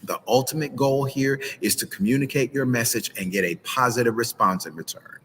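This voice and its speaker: A man coaching couples in a lively, preacher-like way on a live stream, speaking into a phone outdoors by a pool. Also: mid-range voice, a little fast, slight background noise, low-quality recording. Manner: animated preacher-like delivery with church phrasing. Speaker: relationship coach. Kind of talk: live-streamed advice talk.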